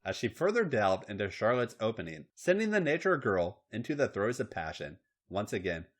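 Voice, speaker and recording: A man's voice: lowish voice, sing-song, normal speed, background noise. A man hosting a podcast, reading a story aloud in a matter-of-fact way. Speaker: podcast host and story reader. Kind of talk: reading erotic fiction aloud.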